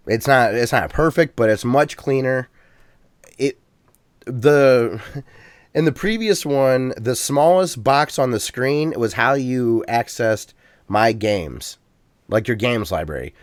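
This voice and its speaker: A man of ordinary pitch hosts a casual gaming podcast, chatting in an easygoing, halting way and often restarting his sentences. His voice comes through a close mic with a dry, dead sound and no room echo. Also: lively intonation. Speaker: podcast host.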